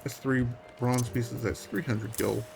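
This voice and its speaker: A male game streamer talking through his play in a relaxed, wry way, often half to himself. His voice sits at a middling pitch, with faint game music playing behind him. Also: measured pace, vocal fry. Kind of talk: casual gameplay commentary.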